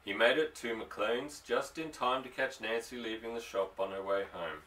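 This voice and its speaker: A man narrating an audiobook, telling the story in a steady way. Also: mid-range voice, moderate pace. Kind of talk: scripted narration. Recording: distant mic.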